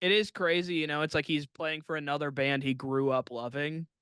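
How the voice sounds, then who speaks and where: A man's voice: fairly high pitch, fairly even intonation, brisk, fairly bright tone, clean tone, no echo, studio quality. A male comedian co-hosting a podcast in casual chat, giggling often as he talks. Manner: giggly, laughs often mid-sentence.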